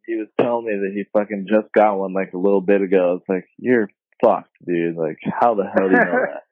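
A young man telling a story casually on a podcast, slangy and swearing, jumping high when he quotes people. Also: fairly even intonation, brisk, hardly any pauses, slightly rough, dry recording. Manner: laid-back slangy, swears often, voices others in high tones. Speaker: podcast guest. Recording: phone-like dry sound.

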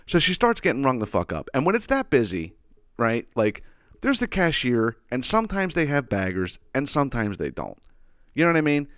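Male podcast host, rant storytelling, very lively pitch, dead-dry mic. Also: normal speed, clear, resonant tone, no echo. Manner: profane, animated, repeats "you know what I mean". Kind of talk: ranting storytelling.

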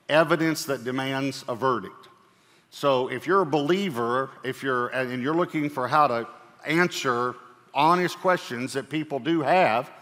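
A man preaching a sermon as pastor, talking in a relaxed conversational way with fillers and repeated phrases. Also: mid-range voice. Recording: reverberant church hall.

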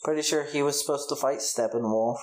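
A man's voice: fairly high pitch, brisk. A man co-hosting a casual movie-review chat, rambling and hesitant, with many filler words. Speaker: podcast co-host. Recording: roomy echo.

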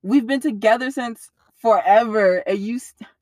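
A young woman in an interview, telling a personal story in a blunt, profane, animated way. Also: a little high, moderate pace, slight background noise.

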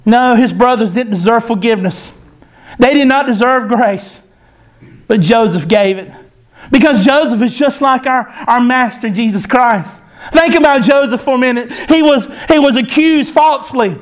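A man preaching a sermon to his church, fervent and repetitive, with folksy phrasing and sudden loud bursts. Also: extremely high pitch, normal speed. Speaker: pastor.

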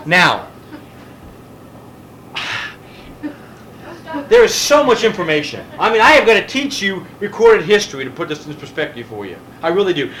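In an emphatic preaching lecture, a middle-aged pastor teaching Bible study presses his audience with rhetorical questions and responds to theirs. His voice is on the high side with a fairly bright tone, and there is slight background noise.

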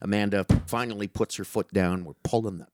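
A middle-aged man telling a long, animated, profane story in casual chat with a friend. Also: lowish voice, a little fast, dry recording, clean studio sound. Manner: animated, profane, calls listener dude.

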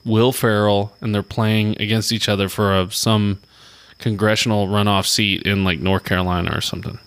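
A man chatting casually among friends, animated and laughing, retelling movie scenes. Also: normal speed, clean tone. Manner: animated, laughing, breaks into high put-on voices for quotes. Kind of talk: casual chat.

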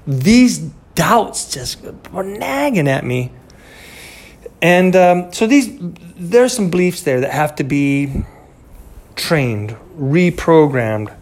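A man's voice: on the high side, lively intonation, measured pace. A man in his fifties talking in a rambling, conversational monologue as a podcast host, full of fillers and restarts. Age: 50s. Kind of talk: casual motivational monologue.

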